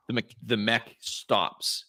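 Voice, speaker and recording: A man narrating as game master of a sci-fi tabletop game, measured and descriptive. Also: fairly low pitch, fairly bright tone.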